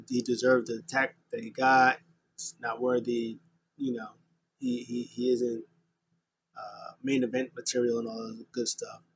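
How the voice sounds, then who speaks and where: Rambling man recapping casually. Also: mid-range voice. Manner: loose and rambling, many fillers, acts out quotes. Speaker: podcast host.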